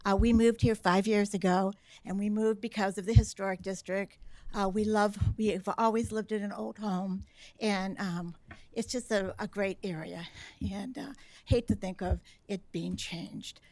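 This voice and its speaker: A woman's voice: mid-range voice, fairly even intonation, a little slow, a little mellow, no room sound. Earnest woman at a public meeting. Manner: earnest, rambling, a little emotional. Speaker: resident giving public comment. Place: city council chamber.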